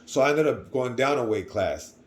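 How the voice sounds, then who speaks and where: Man, young adult, casual vlog storytelling, rambling, repeats himself, mid-pitched voice. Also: animated, moderate pace, slight background noise. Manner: rambling, repeats words, swings between quiet and loud. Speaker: vlogger.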